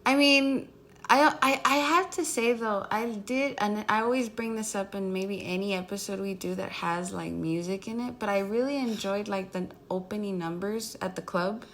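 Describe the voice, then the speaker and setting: A woman's voice: medium pitch, normal speed, a bit bright. A woman co-hosting a casual film-review podcast, chatty, laughing often and full of "like"s and restarts. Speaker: podcast co-host.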